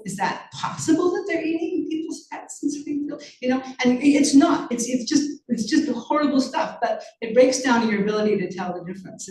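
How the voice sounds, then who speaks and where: A Canadian woman, an author and journalist, answers questions in a conversational interview with earnest intensity, often breaking off to restart and using many fillers. Her medium-pitched voice is slightly mellow, sounding a little distant from the mic with a roomy echo.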